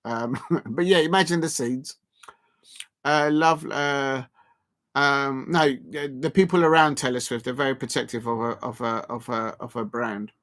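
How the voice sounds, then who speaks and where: A man's voice: medium pitch, fairly even intonation, a little slow, fairly bright tone. Chatty man hosting a livestream. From South London. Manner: rambling, chatty, reads and answers viewer messages. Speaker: livestream host. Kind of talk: live football watchalong chat.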